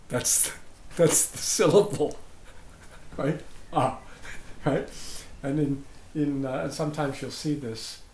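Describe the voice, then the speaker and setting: A man's voice: fairly high pitch, steady tone, slow pace, darkish tone. A man giving an informal dharma talk to a group, chatty and digressive, often checking in with "right?". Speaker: dharma teacher. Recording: roomy sound with faint background noise.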